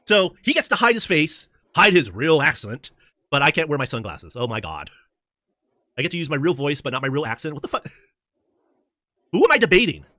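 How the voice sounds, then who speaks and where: A man talking fast and swinging his pitch up and down, mocking and swearing freely. His voice is bright and sharp. The sound is dry and close. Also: no room sound. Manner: animated, profane, mocking. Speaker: debate guest. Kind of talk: casual chat.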